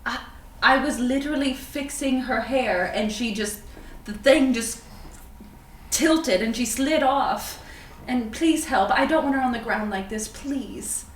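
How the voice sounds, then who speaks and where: A woman's voice: fairly high pitch, measured pace. A woman playing her character at a tabletop game, pleading earnestly and hurriedly. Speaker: player. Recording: roomy, distant mic, faint hiss.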